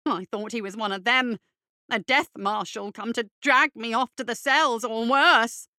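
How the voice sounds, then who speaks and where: A man's voice: very high voice, a little slow, pushed and bright, clean tone, no room sound, clean studio sound, exaggerated voice. A woman voicing Derber, a whiny fop. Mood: fretful. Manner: whiny, pompous and fussy. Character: thin foppish cowardly male guild bureaucrat. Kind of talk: audiobook character voice.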